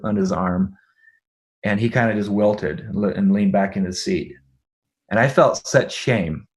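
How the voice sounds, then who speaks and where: A middle-aged man, a podcast guest, telling a personal story in conversation; he acts out the dialogue and laughs often. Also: fairly low pitch.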